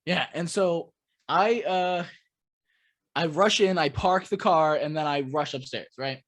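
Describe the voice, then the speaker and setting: A man co-hosting a podcast, telling a story in a loose and profane way. His voice sits a bit high for a man. The chat is casual and full of asides. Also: a little slow. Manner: animated storyteller, swears freely. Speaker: podcast host.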